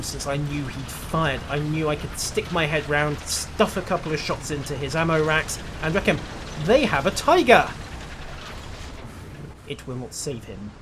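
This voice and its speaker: A man giving dry, wry commentary while playing a game, over loud game noise. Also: fairly high pitch. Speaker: gameplay commentator.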